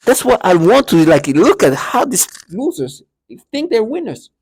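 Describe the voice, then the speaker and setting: A man's voice: high voice, big pitch swings, unhurried, a little mellow. A man talking emotionally to camera in an agitated monologue, stammering and repeating words as he goes. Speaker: vlogger.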